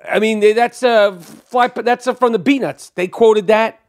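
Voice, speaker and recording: A podcast host talking in a loose monologue, heavy on profanity and emphasis. He rambles and repeats himself, and his voice sits notably high for a man. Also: a little slow, hardly any pauses, no room sound, studio quality.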